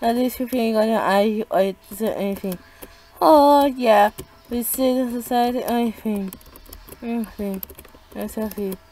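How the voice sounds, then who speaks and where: A woman's voice: a little high, measured pace. A woman giving live gameplay commentary as a channel host, often bursting into panicked, repeated exclamations. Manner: excitable, frequent panicked exclaiming and repeated cries.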